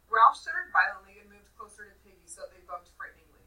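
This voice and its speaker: A woman teacher reading a novel aloud to a class, giving the dialogue loud dramatic emphasis and stopping to ask questions. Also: high voice, sing-song, fast talker, vocal fry, hardly any pauses, distant mic, poor audio.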